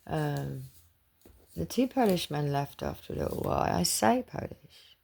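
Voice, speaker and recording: A woman tells a personal story in a chatty, digressive way, wandering off on tangents as she goes. Her voice is heavily gravelly, full of fry. It also has a husky, raspy edge. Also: low-pitched, animated, normal speed, darkish tone. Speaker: spiritual reader.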